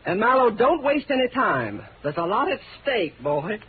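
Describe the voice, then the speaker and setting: A woman's voice: a little high, sing-song. An actress playing an impatient, commanding wealthy woman who hires a detective, in 1940s radio acting. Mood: brisk. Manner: brisk, bossy. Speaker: client of the detective. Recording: tinny old radio broadcast.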